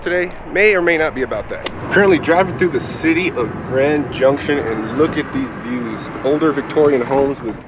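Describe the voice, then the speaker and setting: Excited man vlogging over traffic noise. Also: medium pitch, normal speed, few pauses. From Arizona. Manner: excited and upbeat, addressing viewers as guys. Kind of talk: casual vlog commentary. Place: outdoors and in a car.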